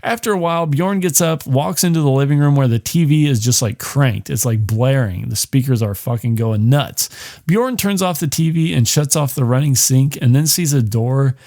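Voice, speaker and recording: A man hosting a podcast recaps a film in a casual, meandering way. His voice sits at an ordinary middle pitch. He swears freely and fills his sentences with "like" and "you know". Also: normal speed, dark tone. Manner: rambling, profane, heavy on "like". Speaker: podcast host.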